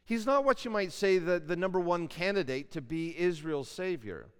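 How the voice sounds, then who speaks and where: A man's voice: high-pitched, animated, normal speed, smooth. Man lecturing in a reverberant hall. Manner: conversational, asks the class questions. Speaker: Bible lecturer. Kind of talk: classroom lecture.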